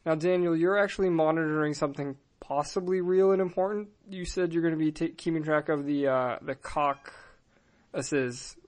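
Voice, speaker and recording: A podcast host, a man whose voice sits a little high for his sex. He rambles sarcastically through his opinions in a loose, casual way. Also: moderate pace. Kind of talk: casual comedic podcast chat.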